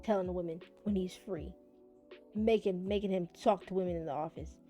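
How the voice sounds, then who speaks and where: A woman's voice: fairly low pitch, a little fast, faint music behind. Gushing, slangy woman reviewing manga. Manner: expressive, swings loud and soft. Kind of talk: casual review recap.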